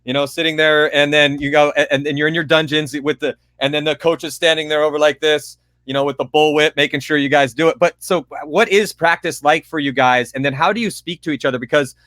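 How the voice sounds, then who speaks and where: Bright-voiced young man hosting. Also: on the high side, steady tone, fairly quick, few pauses, dry recording, clean studio sound. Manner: chatty, joking, rambling questions. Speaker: host. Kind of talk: casual interview.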